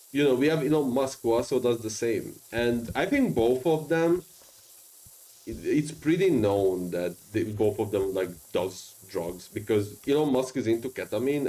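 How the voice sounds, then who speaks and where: A man's voice: medium pitch, warm tone, low-quality recording. A man with a strong non-native English accent, chatting casually and rambling with many fillers while streaming a game. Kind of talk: casual gaming stream chat.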